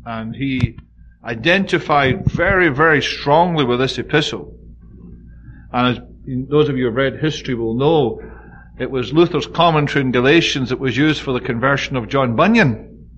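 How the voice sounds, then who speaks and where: A man's voice: medium pitch, fairly bright tone, highs cut off, slight background noise. A man giving a conversational Bible study, leaning hard on key words and often saying "you know". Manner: informal, frequent "you know", stresses key words emphatically.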